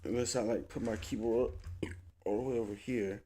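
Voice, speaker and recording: A man streaming from a small home desk, chatting to viewers in a slangy, profane, rambling way into a desk mic, sometimes yelling at a friend. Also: lowish voice, fairly even intonation, moderate pace, a little hiss or hum. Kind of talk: casual live-stream chat. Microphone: desk mic on a soundboard.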